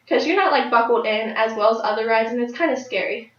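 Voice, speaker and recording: A nineteen-year-old woman telling a personal story in a speech, with lively, excited jumps in her voice. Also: a little high, fast. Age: late teens. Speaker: speaker giving a personal speech. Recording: dull, roomy sound from a distant mic.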